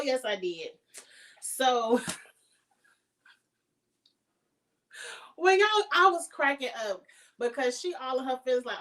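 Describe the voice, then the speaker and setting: A woman's voice: high-pitched, fairly bright tone, a little hiss or hum, low-quality recording. Woman, casual TV recap host, chatty and playful, sassy asides. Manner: chatty, playful, acts out quotes in sassy voices. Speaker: show reviewer.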